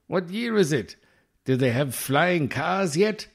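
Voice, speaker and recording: An Irish man voicing a bewildered, shaggy male hermit just out of isolation, excitable and demanding. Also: slow pace. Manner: excitable, demanding, high-pitched.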